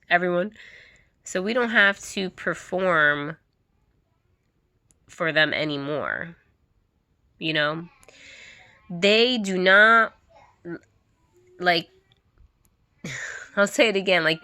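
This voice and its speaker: A woman's voice: fairly low pitch, pushed and bright, no room sound, clean studio sound. A woman vlogger giving an emphatic, candid monologue to camera. She often repeats herself and laughs now and then.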